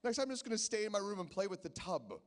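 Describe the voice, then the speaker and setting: A Canadian comedian in his thirties does a chatty stand-up set on a casino stage, telling stories and acting out the voices of the people in them. His voice sits high with big pitch swings, he talks rapid-fire, and the sound is of a big room.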